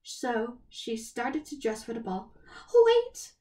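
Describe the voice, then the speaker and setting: A young woman reads a storybook aloud in a somewhat high, nasal voice. She trips over words now and then and stops to correct herself. It sounds like a simple home recording. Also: a little slow, a little mellow. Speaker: storybook reader.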